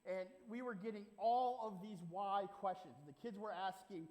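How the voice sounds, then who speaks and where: A man's voice: sits high, moderate pace, a little mellow. A man preaching a sermon as pastor, playful and conversational, putting questions to the congregation in a church sanctuary. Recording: live hall reverb.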